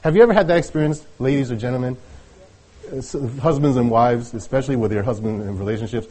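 Brief: middle-aged male pastor, husky tone, casual stop-start sermon delivery. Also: medium pitch, dark tone. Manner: conversational, halting with many restarts and light laughs.

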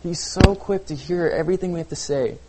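A man preaching a sermon in a relaxed, conversational way, often checking in with "okay?" and using "like". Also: a little high, a little fast, very noisy. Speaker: pastor.

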